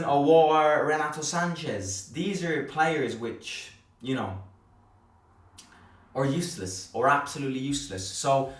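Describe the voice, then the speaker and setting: On his football fan channel, a man with a medium-pitched voice delivers a heated, blunt post-match rant, swearing and repeating himself. The mic sits at a distance, so the sound is roomy and slightly off-mic.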